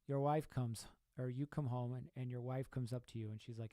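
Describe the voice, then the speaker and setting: A man's voice: mid-range voice, a little fast, hardly any pauses, dark tone, no room sound. A young man hosting a podcast, giving an emphatic motivational talk full of rhetorical questions and repeated points. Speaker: podcast host.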